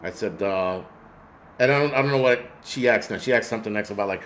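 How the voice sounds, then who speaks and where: A man's voice: fairly low pitch, fast talker, a bit bright, slight background noise. A man hosting a casual livestream, rambling through profane stories and answering chat comments. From United States. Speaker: host.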